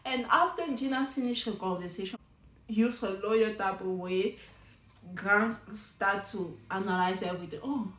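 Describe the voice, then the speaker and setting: A woman giving a casual recap of a reality show, chatty and animated, often talking straight to the people on screen. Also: medium pitch, moderate pace, reverberant, rough recording. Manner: chatty and animated, talks straight to the show's cast.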